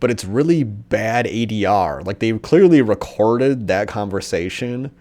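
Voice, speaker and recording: Young male reviewer, somewhat low pitch, rambling, profane and sarcastic. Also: expressive, measured pace, a little mellow. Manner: rambling, filler-heavy, sarcastic. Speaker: movie reviewer. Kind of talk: casual, profane rant.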